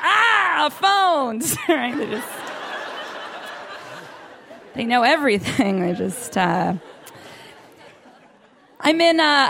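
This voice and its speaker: A woman's voice: on the high side, a bit bright, slight background noise. A young woman doing a stand-up set in a club, self-deprecating and giggly, laughing through her lines. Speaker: stand-up comedian. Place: comedy club in Brooklyn. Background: audience laughter.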